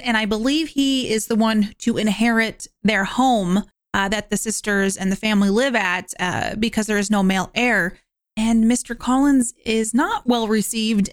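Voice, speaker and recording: A young woman hosting a podcast, talking casually about a movie she just watched, chatty and animated with lots of filler words. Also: mid-range voice, dry recording, clean studio sound. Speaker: podcast host. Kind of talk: casual movie review monologue.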